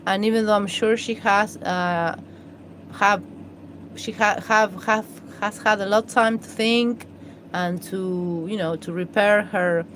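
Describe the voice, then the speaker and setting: A woman's voice: medium pitch, steady tone, unhurried, a bit bright, slight background noise, poor audio. A woman hosting a live stream, chatting in a rambling, hesitant way with many fillers and restarts. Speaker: livestream host.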